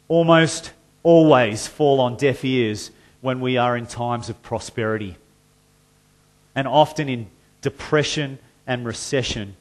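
Slow-speaking male pastor. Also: mid-range voice. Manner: reads scripture loudly and forcefully, then drops to a conversational tone. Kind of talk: sermon.

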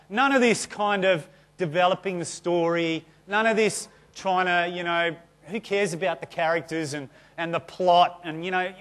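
A man preaching to a church congregation. He talks in a loose, conversational way, full of self-deprecating stories. His delivery stays lively and chatty rather than formal. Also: high voice, normal speed. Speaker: pastor. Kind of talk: sermon.

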